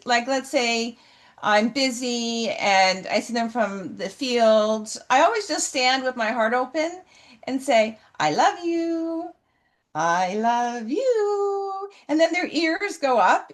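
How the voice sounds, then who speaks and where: A middle-aged woman speaking earnestly and emotionally as an interview guest, slow and halting. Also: high voice, lively intonation. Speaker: guest, horse healer. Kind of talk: heartfelt interview answers. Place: ranch.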